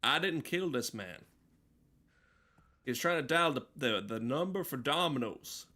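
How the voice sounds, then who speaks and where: A man's voice: mid-range voice, animated, unhurried, sharp tone. A man giving comedic let's-play commentary, rambling with absurd jokes and asides as he plays. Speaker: gameplay commentator.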